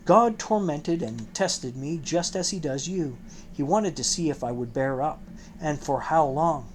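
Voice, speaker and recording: A man reading an audiobook, voicing a gentle, troubled older rabbi who speaks in a tender, coaxing way. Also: fairly high pitch, a little slow, a little hiss or hum, close to an everyday voice.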